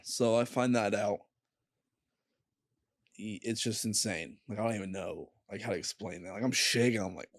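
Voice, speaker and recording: A young man, a podcast guest, telling a painful personal story in a candid, halting way and swearing freely. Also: on the low side, a little mellow, no echo, clean studio sound. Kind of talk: casual storytelling.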